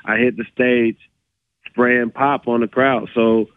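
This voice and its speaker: A man's voice: medium pitch, little pitch movement, clean tone, dry recording. Laid-back man on a tinny phone line. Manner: halting, laid-back delivery with frequent restarts. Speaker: guest comedian on the phone. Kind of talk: casual storytelling.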